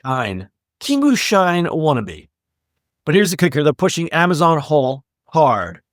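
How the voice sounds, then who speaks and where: A man's voice: fairly high pitch, big pitch swings, unhurried, no echo, studio quality. A man co-hosting a retail news podcast, reading the stories with wry, sarcastic asides in casual chat. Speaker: podcast co-host.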